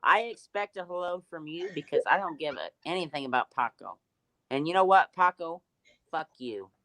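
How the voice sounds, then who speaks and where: A man's voice: on the high side, expressive, moderate pace, sharp tone, a little hiss or hum. A man joining a live stream as a guest, joking brashly and swearing. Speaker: regular viewer and guest. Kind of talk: casual live-stream chat.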